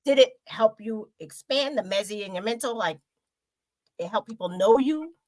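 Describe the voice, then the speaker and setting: A woman's voice: a little high, lively intonation, moderate pace, a little mellow, dry recording. A woman hosting a casual talk show interview, chatty and rambling.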